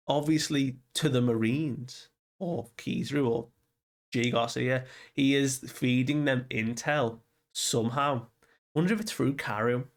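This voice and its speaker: A young man casually recapping a comic chapter, rambling and loosely quoting characters with lots of fillers. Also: medium pitch. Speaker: manga reviewer.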